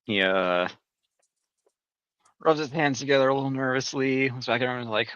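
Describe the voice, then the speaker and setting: A man's voice: medium pitch, a little fast, pauses often, a bit bright, clean tone, dry recording. A man playing his character in a tabletop game, talking in a casual, hesitant way. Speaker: player. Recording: dull lo-fi mic.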